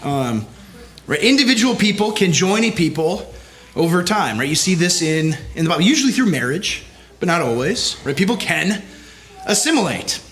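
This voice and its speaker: A man's voice: sits high, very animated, moderate pace, a bit bright. A man, a pastor giving a conference talk, speaking emphatically and checking in with the audience with "right?" after nearly every line. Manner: emphatic, keeps tagging lines with "right?".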